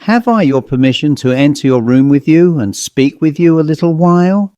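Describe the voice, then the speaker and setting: A man's voice: fairly high pitch, moderate pace, mellow, no room sound, muffled recording, lightly acted. A man voicing a grave, insistent head waiter with a French accent. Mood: earnest.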